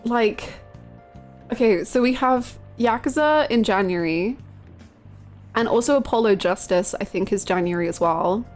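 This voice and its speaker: In an unhurried, mid-range voice, a woman chats casually on her livestream with soft music in the background. She rambles along, giggling and gushing over a character from a game.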